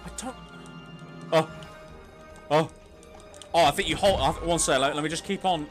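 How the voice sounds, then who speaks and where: A man's voice: fairly high pitch, moderate pace. Swearing man streaming a game. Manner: swearing, exclaiming, laughing at the game. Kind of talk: casual gaming commentary. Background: game music.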